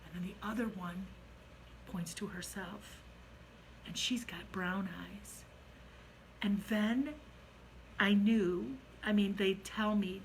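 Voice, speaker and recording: A middle-aged woman telling a personal ghost story in a casual, animated way, dropping to a hush at the eerie parts. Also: mid-range voice, slight background noise, rough recording.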